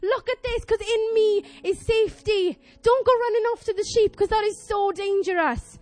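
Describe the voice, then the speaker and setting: A young woman voicing God as a tender, fatherly male figure, calling people back in a gentle, coaxing, pleading way. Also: extremely high pitch, normal speed, voice pushed up. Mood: pleading tenderly.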